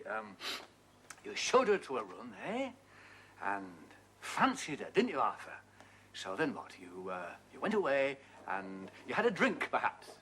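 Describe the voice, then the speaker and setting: A sly, mocking detective leans into every question with a lilting, sing-song delivery, his voice riding fairly high and swooping up and down. He needles the suspect, chuckling and taunting as he presses for a confession. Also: sharp tone, slight background noise, full character voice. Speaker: police detective. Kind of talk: broadcast drama acting.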